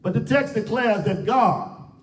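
A pastor preaching with fervor, his high voice climbing into shouts and then dropping to near-hushed phrases as he repeats his points. He sounds distant from the mic, and the church room rings around him. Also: animated, measured pace, a little hiss or hum. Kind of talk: sermon. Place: church sanctuary. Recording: echoey church room, voice picked up from far off.

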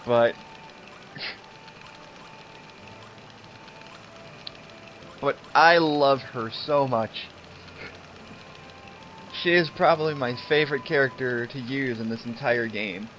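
A young man giving casual, excited let's-play commentary, chatty and laughing often. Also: medium pitch, slight background noise. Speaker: game streamer. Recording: slightly dull home mic with game music.

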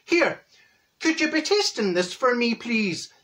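A man doing a rough Irish accent as a cheerful Dublin man telling a funny story. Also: extremely high pitch, big pitch swings, a little slow, sharp tone, pitched above the performer's own voice, full character voice. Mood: cheery. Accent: Irish, put on badly.

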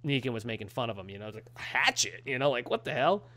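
A man in casual podcast chat, recapping an episode with lots of energy. His voice sits at a middle pitch, and he jumps into quoted dialogue as he retells the scenes. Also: rapid-fire. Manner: animated, acts out characters' lines in quotes.

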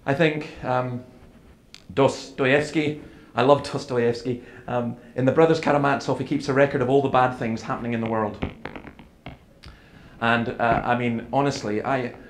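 A man's voice: medium pitch, fairly even intonation, normal speed. A man giving an earnest seminar talk, telling stories with quoted dialogue. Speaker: preacher. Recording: echoey hall with faint room noise.

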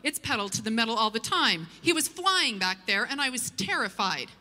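A woman's voice: a little high, very animated, moderate pace, bright, forceful tone, exaggerated voice. A woman playing a blunt, matter-of-fact wife who tells on her husband. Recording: long church hall reverb.

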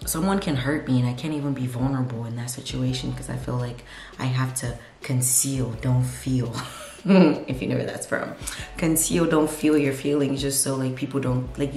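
A young woman with a very low, deep voice talks candidly into her camera at home, rambling and confessional. Her talk is full of fillers. The room sounds echoey, picked up on the camera's own mic. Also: dark tone. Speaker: vlogger. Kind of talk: candid vlog monologue. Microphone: camera mic, no lapel.

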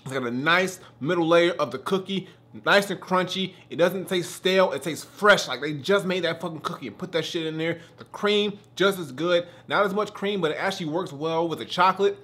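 Excitable, profane man reviewing candy. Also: high-pitched, a little fast. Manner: profane, excitable, talks while eating. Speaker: food reviewer. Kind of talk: casual food review.

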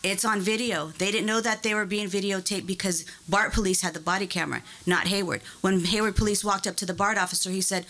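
A woman's voice: medium pitch, fairly even intonation, quick pace, few pauses, sharp tone. A woman giving impassioned, emphatic public testimony at a board meeting, speaking into a podium microphone. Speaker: public commenter.

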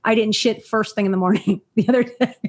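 Husky woman joking brashly with a laugh. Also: mid-range voice, fairly even intonation, brisk, a little mellow. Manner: laughs a lot, brash, profane. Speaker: guest co-host. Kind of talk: casual crude banter.

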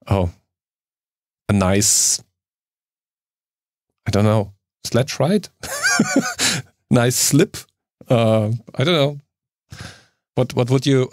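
A man's voice: fairly low pitch, takes it slowly, pauses often, a little mellow, dry recording, studio quality. A man from Germany, a native German speaker, co-hosting a podcast. He explains things carefully in a casual chat, with many hesitant fillers. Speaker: podcast co-host.

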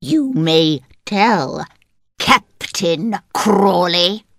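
A man voicing a proud, bitter old rich woman in an audiobook, speaking slowly and scornfully. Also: expressive, vocal fry, fairly bright tone, no echo, clean studio sound, full character voice. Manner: slow, shrill and scornful. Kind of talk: audiobook character voice.

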